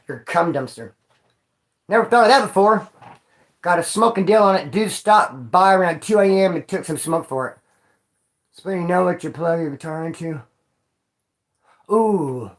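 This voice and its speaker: Profane, animated man in an echoey room. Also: on the high side. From Bakersfield, California. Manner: profane, animated street slang, bursts of yelling. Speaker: vlogger. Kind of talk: casual storytelling to a live chat.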